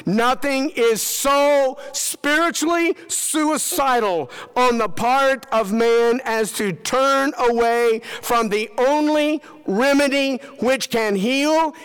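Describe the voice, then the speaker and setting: Male preacher, emphatic sermon delivery, high-pitched and unhurried. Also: fairly bright tone, smooth, long reverb tail. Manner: emphatic, with dramatic pauses and falls in pitch.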